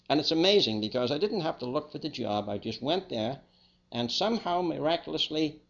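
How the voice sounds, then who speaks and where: An older man with a Liverpool accent, telling his own life story as a testimony in a plain, unhurried, reflective way. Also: medium pitch, dull audio. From England. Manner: plain, unhurried, with small restarts. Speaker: speaker giving a personal testimony.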